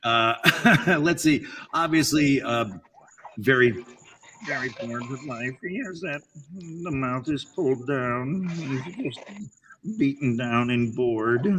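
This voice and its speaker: A man's voice: mid-range voice, slow pace, distant mic, background noise. A man, a voice actor, chatting casually and playfully about demonstrating character voices. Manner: playful, laughs often.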